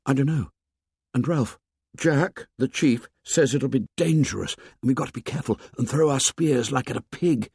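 A man voicing frightened boy twins who plead in hurried, lowered voices, in a storybook reading. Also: a little mellow, slightly rough, no room sound, clean studio sound. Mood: urgent, fearful.

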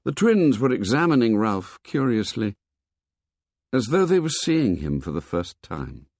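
In this audiobook, a mid-range male voice narrates a novel with measured, expressive storytelling. The sound is clean studio audio without any room sound.

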